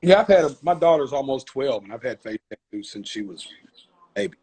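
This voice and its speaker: A man with a Southern accent, a guest chatting casually in an interview, laid-back and quick to laugh. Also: medium pitch, expressive, darkish tone, a little hiss or hum. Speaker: guest rapper.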